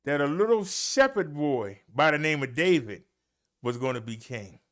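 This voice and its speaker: A man's voice: on the high side, expressive, fairly bright tone. A man leading a Bible study as a minister, preaching in an emphatic, folksy way and talking straight to his listeners. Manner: slow, emphatic delivery with long pauses and swooping emphasis.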